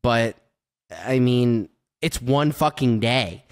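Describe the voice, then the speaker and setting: A man co-hosting a podcast, teasing and animated in casual chat. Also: mid-range voice, takes it slowly. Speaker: podcast co-host.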